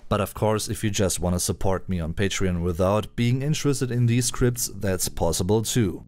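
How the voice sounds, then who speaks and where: Male teacher, lower voice, animated delivery, chatty asides, faint music underneath. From Germany. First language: German. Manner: chatty, playful asides, careful pronunciation. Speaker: German language teacher. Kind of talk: online language lesson.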